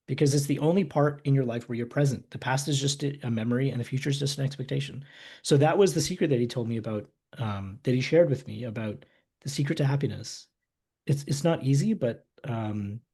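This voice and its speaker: A man speaks as a guest on an online webinar, recounting a personal story. His voice has a husky edge and a mid pitch. He tells it in an animated way and often restarts his phrases.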